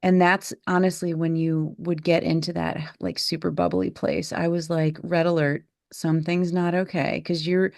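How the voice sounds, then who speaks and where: A woman's voice: lowish voice, level tone, normal speed, gravelly, hardly any pauses, a little mellow, dry recording, studio quality. A woman in her forties hosting a candid podcast, telling a family story in an earnest, reflective way. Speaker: podcast host and mother.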